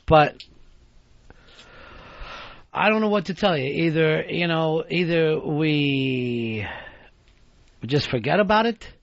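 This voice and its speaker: Man, talk radio co-host, sarcastic and profane, animated pitch, dry studio mic. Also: takes it slowly, long pauses, dry recording, muffled recording. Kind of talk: casual talk radio banter. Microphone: studio microphone.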